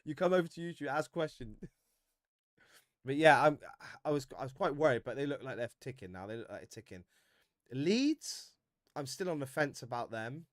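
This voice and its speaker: A man hosting a casual football fan livestream, reading viewer comments with animated banter and frequent laughs. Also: mid-range voice, normal speed, no room sound, studio quality.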